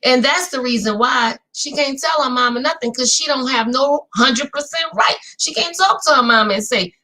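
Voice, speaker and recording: A high-pitched woman from New Orleans, Louisiana, speaks at a normal speed in her local accent. She's a recap host chatting casually about a reality show, animated and chatty, calling her viewers "y'all."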